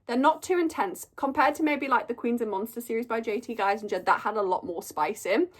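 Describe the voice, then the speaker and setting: A woman's voice: fairly high pitch, brisk. A young woman chatting casually through a monthly reading wrap-up, gushing and storytelling with lots of "like". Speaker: book reviewer.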